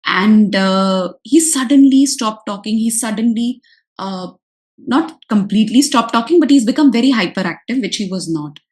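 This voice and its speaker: A woman's voice: on the high side, animated, moderate pace, a little mellow, low-quality recording. A woman, an occupational therapist giving earnest advice to parents and repeating her key points.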